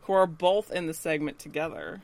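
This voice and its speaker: A woman's voice: deep voice, sing-song, moderate pace, vocal fry, a little mellow. A woman co-hosting a podcast in casual chat, with a dry, offhand manner. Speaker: podcast co-host.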